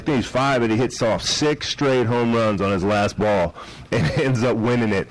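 Brief: male sports radio co-host, lively storyteller, easygoing chat. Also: medium pitch, no room sound, poor audio. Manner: animated storyteller, many restarts.

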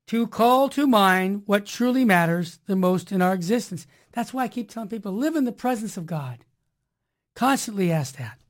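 A woman hosting a religious talk radio show in an emphatic, preachy monologue full of rhyming slogans. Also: mid-range voice.

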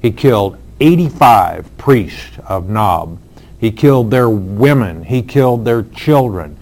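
A man's voice: lowish voice, lively intonation, darkish tone. A man preaching a sermon, explaining scripture in an earnest way with frequent fillers. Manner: earnest, slow, with fillers and emphatic lines. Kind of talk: expository sermon.

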